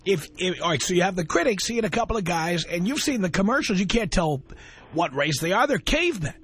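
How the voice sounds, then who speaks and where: Husky-voiced man hosting call-in radio. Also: high voice, lively intonation, fairly bright tone. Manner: argumentative, quick, repeats words when pressing a point. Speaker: radio talk show host.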